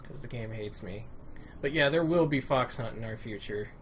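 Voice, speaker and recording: A man's voice: medium pitch, normal speed, slight background noise. A man giving casual live-stream commentary while playing a retro game, with dry, wry remarks.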